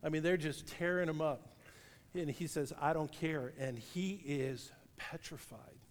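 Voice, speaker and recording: A middle-aged man preaching a sermon, telling a lively story and laughing at his own tale. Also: a little high, a little slow. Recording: long reverb of a large hall.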